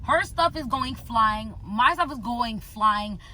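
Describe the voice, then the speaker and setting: Animated young woman with a bright voice. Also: a little high, takes it slowly, slight background noise, low-quality recording. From United States. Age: young adult. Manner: animated, slangy, repeats herself for emphasis. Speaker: vlogger. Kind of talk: storytime vlog.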